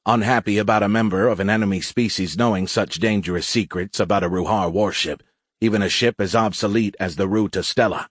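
A man narrates an audiobook in a steady, even storytelling voice. His pitch sits low. The recording is dry and close. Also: brisk, dry recording. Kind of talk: scripted narration.

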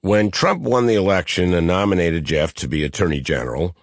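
A middle-aged man with a nasal Midwestern twang reading his own memoir as an audiobook, with dry, deadpan wit. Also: low-pitched, dry recording. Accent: Midwestern American.

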